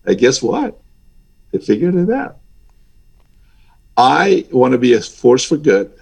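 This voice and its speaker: Older guy, pilot, husky voice, gets fired up and emphatic, mid pitch. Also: lively intonation, measured pace, pauses often, a little mellow. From Iran. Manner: passionate and emphatic, pitch jumping when stirred. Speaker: guest, airline pilot. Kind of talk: interview over a remote link.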